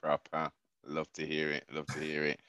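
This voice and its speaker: A man's voice: very deep voice, completely flat delivery, moderate pace, sharp tone, clear, resonant tone, no room sound. Laid-back male host, dry sound. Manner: short affirmations, laid-back. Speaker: interview host. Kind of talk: casual interview.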